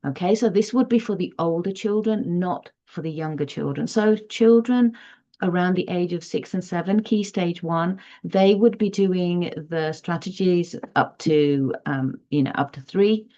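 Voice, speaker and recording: A woman teacher giving parents step-by-step advice on reading, in a measured, explanatory way. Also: on the low side, dark tone. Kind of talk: instructional talk to parents. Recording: dull lo-fi audio.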